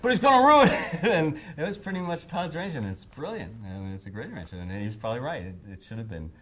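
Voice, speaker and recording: A man's voice: on the low side, very animated, very fast, breathy edge. A man in his fifties being interviewed, telling anecdotes and acting out quotes in raised voices, laughing often. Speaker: songwriter interviewee.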